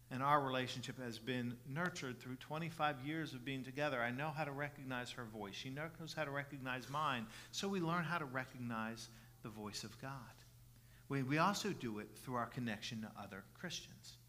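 A middle-aged pastor preaches an earnest sermon, restarting phrases with repeated words and building from soft passages to loud, emphatic ones. His mid-range voice is animated and moves at a normal speed, and the long reverb of a large hall surrounds him.

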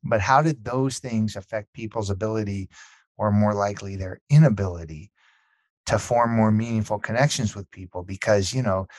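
A man's voice: fairly low pitch, moderate pace, dry recording. A man being interviewed about his book, telling stories casually and acting out what people said. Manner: animated, acts out quotes, repeats words. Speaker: author and podcast guest.

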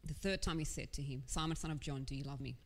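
A preacher with a low voice delivers a fast, earnest and conversational sermon, dropping casual asides along the way. Her words ring out with a long reverb, as if spoken in a large hall.

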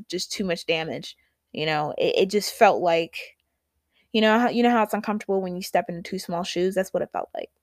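Gravelly-voiced young woman, candid podcast talk. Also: lowish voice, no echo, studio quality. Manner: candid, conversational, trailing off and restarting. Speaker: podcast host and poet. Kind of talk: casual podcast monologue.

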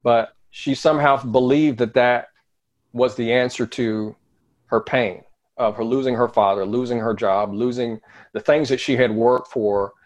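A middle-aged man, a guest in an interview, telling a personal story in an earnest way that often sinks to a quiet low voice. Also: steady tone, unhurried.

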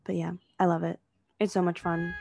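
A woman's voice: lowish voice, little pitch movement, normal speed, gravelly, darkish tone, slight background noise. A young woman co-hosting a podcast, chatting casually and filling her sentences with "like". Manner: chatty, heavy use of "like" fillers. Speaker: podcast co-host. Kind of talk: casual chat.

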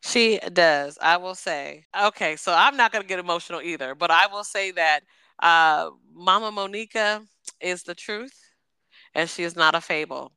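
A woman co-hosting a casual podcast chat, telling stories and giving warm shout-outs. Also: fairly low pitch, moderate pace, clear, resonant tone, dry recording. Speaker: podcast co-host.

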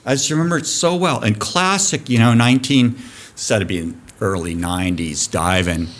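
A man in his fifties, a diving program director, telling a dive story on a podcast guest spot, animated and profane. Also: medium pitch, moderate pace. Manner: animated, profane storyteller who acts out shouting.

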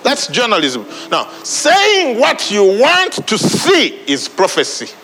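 A man's voice: high voice, huge pitch swings, takes it slowly, sharp tone, big-room sound, a little hiss or hum, poor audio. A man preaching a sermon, repeating phrases for emphasis. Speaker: pastor.

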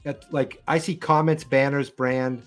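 A man's voice: mid-range voice, flat delivery, unhurried, soft background music. A man co-hosting a live stream, chatting loosely with ums and restarts. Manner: rambling, full of ums and restarts. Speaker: co-host of a live wrestling show. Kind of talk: casual chat.

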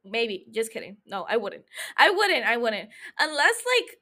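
A woman's voice: on the high side, sing-song, a little slow, sharp tone. A young woman hosting a podcast into a mic, recapping an episode in a casual, profane, joking way that keeps breaking off into asides. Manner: chatty, profane, jokey, self-interrupting. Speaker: podcast host.

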